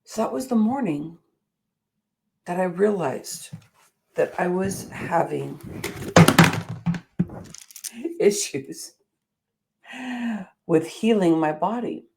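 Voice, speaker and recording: A woman's voice: lowish voice, animated, very slow, creaky, pauses often, a little mellow. A middle-aged woman hosting a motivational show, telling a personal story in an earnest, emphatic way. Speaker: show host.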